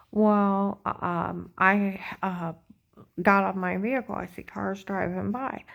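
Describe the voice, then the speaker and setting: Gravelly-voiced woman in a rambling rant. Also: medium pitch, fairly even intonation, slow, fairly bright tone. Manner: rambling, agitated, full of fillers and repeated "okay?". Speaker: vlogger. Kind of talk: rambling personal monologue.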